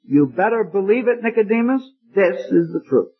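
A man's voice: high-pitched, expressive, normal speed, breathy edge. A man preaching an emotional sermon, repeating his points and calling the listener "friend". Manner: emphatic, repeating phrases, addresses listener as friend. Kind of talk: evangelistic sermon. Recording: dull lo-fi sermon recording.

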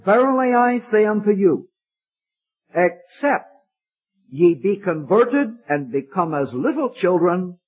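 A man preaches an emotional evangelistic sermon, emphatically repeating his points and calling the listener "friend." His voice sits high and sounds husky, captured on a dull lo-fi recording.

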